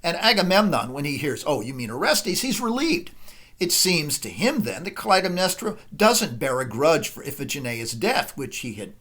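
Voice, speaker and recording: A man giving a literature lecture, thoughtful and unhurried, pausing often with uh and um. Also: on the high side, very animated, a bit bright. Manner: thoughtful, with frequent uh and um pauses. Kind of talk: recorded lecture.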